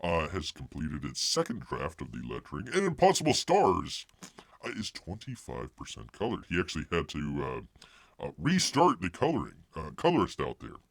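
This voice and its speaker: Gravelly, animated male livestream host. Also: low voice, normal speed, no room sound. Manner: rambling, refers to himself in third person; jokey asides and silly voices. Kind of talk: casual livestream chat.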